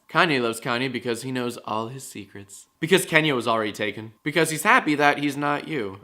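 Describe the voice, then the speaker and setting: A man's voice: medium pitch, fairly quick, hardly any pauses, sharp tone. A man hosting a comedy web show, reading out viewer comments with sarcastic, jokey asides. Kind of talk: fast comedic monologue to camera.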